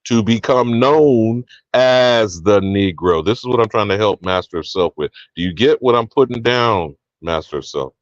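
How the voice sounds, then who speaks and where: Lecturing deep-voiced man on a dull line. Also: lively intonation, normal speed, hardly any pauses, no room sound. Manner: emphatic, lecturing, asks others to confirm. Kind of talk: history discussion panel.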